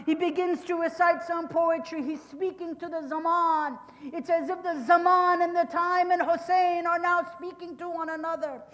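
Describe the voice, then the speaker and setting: A woman's voice: very high-pitched, fairly even intonation, moderate pace, a bit bright. A woman giving a mourning sermon as majlis speaker, narrating with passion, quoting Arabic phrases and building to cried-out lament.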